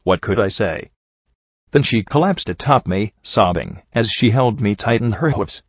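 A man reading a story aloud in steady, measured first-person narration. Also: lowish voice, slightly rough, no echo, lo-fi sound. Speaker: audiobook reader.

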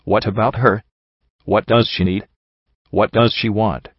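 A man reading the part of a stern, cryptic male card dealer in a soft, raspy voice, pressing with questions. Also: on the low side, steady tone, measured pace, dry recording. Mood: probing. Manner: lecturing, probing questions. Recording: dull lo-fi audio.

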